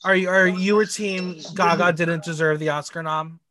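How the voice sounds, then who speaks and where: A man with a notably high voice hosts a casual recap chat. His delivery is snarky and gossipy, full of quick asides and one-liners. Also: steady tone, bright, forceful tone. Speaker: podcast co-host recapping a reality show.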